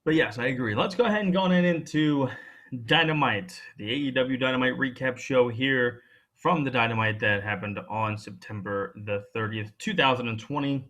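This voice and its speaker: A man's voice: medium pitch, normal speed, a bit bright. A man hosting a wrestling podcast in loose, playful casual chat, teasing his co-host and using slang.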